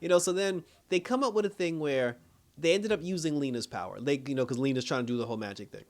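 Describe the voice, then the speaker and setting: Guy recapping a tv episode, kinda high voice, rambly, lots of you know and like, laughs a bit. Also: quick pace. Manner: chuckles often while recapping. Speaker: TV episode reviewer. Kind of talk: casual spoken review.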